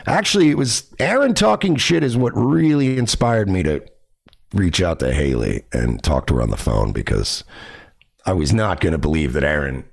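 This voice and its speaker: Host: sarcastic male commentator, gravelly voice, lively swings in pitch, mocking delivery. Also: normal speed. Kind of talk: reaction commentary.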